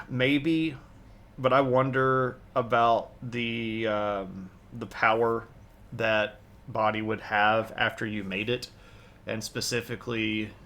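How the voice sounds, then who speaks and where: A man's voice: mid-range voice, a bit bright. A man chatting casually on a history livestream, rambling with many fillers and restarts. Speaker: history streamer.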